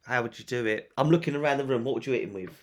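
A man co-hosts a podcast with a dry, easygoing, joking manner. His voice sits at an ordinary pitch for a man. He keeps the talk loose and casual. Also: very fast. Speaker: podcast co-host. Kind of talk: casual chat.

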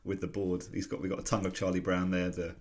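This is a chatty man with a very deep voice, co-hosting a relaxed podcast about comic strips. He giggles often and leans on fillers as he talks things through. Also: quick pace. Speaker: podcast co-host.

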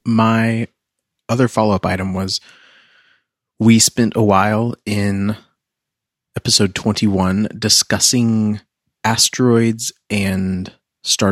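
A man with a somewhat low voice co-hosting a casual podcast chat. His delivery is dry and wry, measured and deliberate. The close mic leaves no room sound at all. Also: no room sound. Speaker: podcast co-host.

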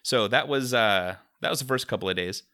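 A man chatting casually as a podcast co-host, relaxed and joking, laughing often. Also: mid-range voice, brisk, no echo, clean studio sound. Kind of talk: casual chat.

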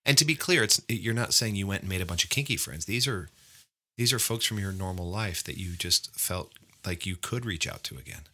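A man with a very low voice and a sharp, forceful edge to his tone. He co-hosts a podcast, interviewing a guest in casual chat. He speaks in an encouraging, emphatic way. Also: a little fast. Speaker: podcast co-host.

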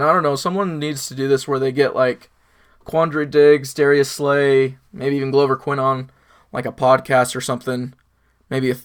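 Chill young guy on a football pod, rambles, lots of likes and ums. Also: medium pitch. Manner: laid-back, rambling with lots of fillers. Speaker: podcast co-host. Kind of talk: casual sports podcast chat.

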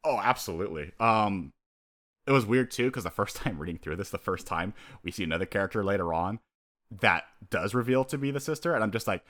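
A man co-hosting a podcast in casual chat, animated, acting out characters' lines and his own reactions and laughing often. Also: lowish voice, fairly quick. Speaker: podcast co-host.

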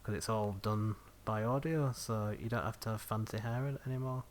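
A man's voice: lowish voice, fairly even intonation, moderate pace. A man, hosting a podcast in casual chat, full of ums and laughs. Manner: chatty, laughs often, many ums. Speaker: podcast host.

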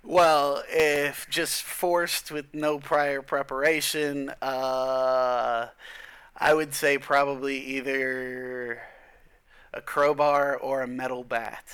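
A man's voice: mid-range voice, flat delivery, slow pace, fairly bright tone, smooth. A young man telling a long story in casual chat, rambling and profane, full of fillers. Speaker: guest.

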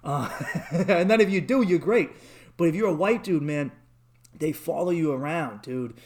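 A young man telling travel stories in casual chat, rambling and swearing, acting out the people he quotes in a high voice. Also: animated, moderate pace, a little mellow.

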